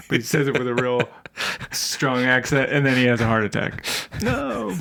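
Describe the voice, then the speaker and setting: A man co-hosts a comedy podcast, reviewing a film in a loose, rambling way. He laughs often and trails off while hunting for the right quote. His voice sits in a middle pitch. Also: lively intonation, moderate pace, creaky, fairly bright tone. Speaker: podcast co-host. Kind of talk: casual comedic movie review chat.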